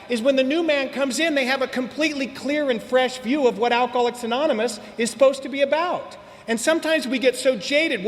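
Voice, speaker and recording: A man's voice: very high-pitched, fairly bright tone, long reverb tail. A middle-aged man from Southern California, speaking at a recovery meeting in a candid, joking, storytelling way. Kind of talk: personal talk at a meeting. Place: meeting hall.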